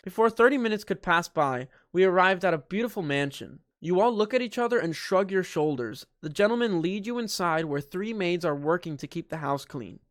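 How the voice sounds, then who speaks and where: A man's voice: high-pitched, lively intonation, brisk, hardly any pauses, a bit bright, no room sound, studio quality. A young man reading a fan story aloud, breaking off for joking, sarcastic asides. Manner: joking, sarcastic asides and mock-dramatic voices. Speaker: YouTuber.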